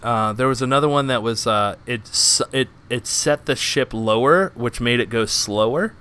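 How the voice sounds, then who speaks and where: A man's voice: medium pitch, normal speed, bright, forceful tone, clean tone. A man hosting a casual gaming podcast, chatting with enthusiasm. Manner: enthusiastic, upbeat sign-off. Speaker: podcast host.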